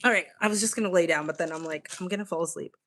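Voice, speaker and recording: A woman's voice: fairly low pitch, very fast, a bit bright. A young woman with a Boston accent, chatting casually on a live stream, swearing freely and answering her chat. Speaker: livestream host. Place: home, on a couch with a blanket.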